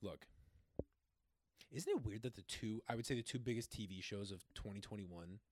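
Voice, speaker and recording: A young man co-hosting a podcast, easygoing but ready to argue, swearing casually in relaxed chat. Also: lowish voice, normal speed, no room sound, clean studio sound. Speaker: podcast co-host.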